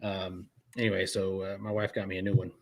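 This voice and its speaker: A man's voice: low-pitched, flat delivery, a little fast, vocal fry. A man guest in casual chat, talking hesitantly with many fillers and restarts.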